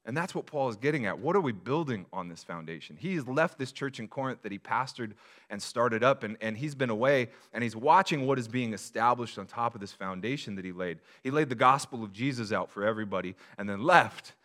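A male pastor delivers a sermon with a bright, forceful edge to his voice. He talks to the congregation conversationally, asking rhetorical questions and sometimes restarting a phrase. His pitch sits at an ordinary middle level for a man. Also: lively intonation, a little fast. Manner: conversational preaching with repeated restarts.

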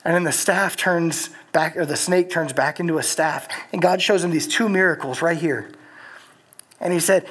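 A young adult preacher with a husky, breathy voice, telling a story in a loose, chatty way. The talk is casual and full of filler words, more like chatting with friends than a formal sermon. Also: mid-range voice, moderate pace, a bit bright.

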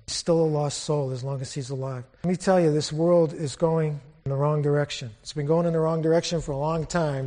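A man's voice: fairly high pitch, dark tone. A man preaching a sermon as a guest speaker, telling stories with quoted dialogue and rising to fervent declaiming. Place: church auditorium. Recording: long hall reverb.

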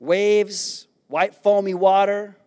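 A man preaching a sermon, retelling a scripture story in a playful, animated way and acting out the characters. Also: high-pitched, slow pace. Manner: animated storytelling, acts out disciples with a raised voice; playful, jokes with the congregation. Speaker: pastor.

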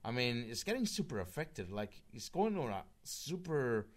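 A man's voice: mid-range voice, big pitch swings, normal speed. A man in casual online group chat, rambling with restarts and swearing, with a slightly slurred voice.

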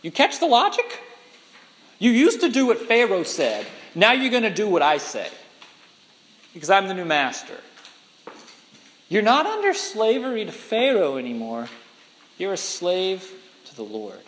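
Male pastor, emphatic sermon delivery, animated pitch, reverberant hall. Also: unhurried, pauses often. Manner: emphatic, asks the congregation questions.

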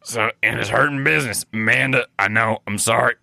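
A man playing Mo, a gravelly drunk beer boss. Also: medium pitch, brisk, bright, forceful tone, no room sound, studio quality. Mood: rambling. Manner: rambling, apologetic, swearing, clears throat often. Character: drunk, rambling male beer company boss Mo. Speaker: podcast co-host doing improv. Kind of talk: improvised comedy character.

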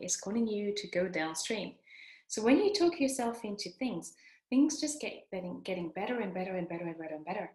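A woman's voice: medium pitch, animated, brisk, darkish tone. A woman giving an earnest motivational self-help talk, repeating lines for emphasis. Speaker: motivational speaker. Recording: echoey room.

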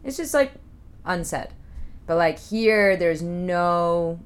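A woman's voice: fairly low pitch, expressive, takes it slowly, clear, resonant tone. A woman from the United States co-hosting a podcast, chatting casually and often saying "like". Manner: chatty, lots of "like" fillers. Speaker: podcast co-host. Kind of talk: casual chat.

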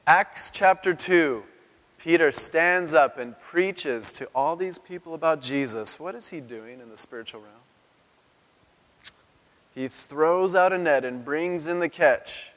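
A man in his thirties preaching a sermon as a pastor, telling the story in an animated way and acting out the quotes in a raised voice. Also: fairly high pitch, a little slow. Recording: long hall reverb.

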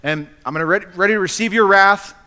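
A preacher voicing a remorseful young son. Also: male voice, sits high, fast, pushed and bright, clean tone. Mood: pleading. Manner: earnest, pleading. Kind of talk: acted quote in a sermon.

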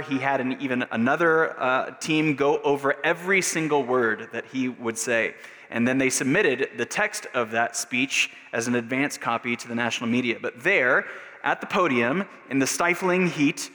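Pastor guy preaching, bright voice, chatty with lots of uhs, big echoey church. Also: medium pitch. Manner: conversational preaching with fillers. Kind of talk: sermon. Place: church sanctuary. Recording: long reverb of a church hall.

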